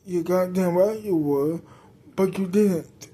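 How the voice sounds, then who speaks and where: A tough former boxer woman who talks bluntly and waves off any worry, as a woman puts her on. Her voice is a little low and mellow, with slow, unhurried delivery. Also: slightly rough. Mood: reassuring. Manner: blunt, brushing off worries.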